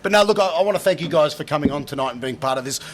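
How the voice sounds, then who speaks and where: A man's voice: a little high, lively intonation, racing, slight background noise. An Australian man hosting a casual podcast, joking loosely and swearing as he talks. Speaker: podcast host.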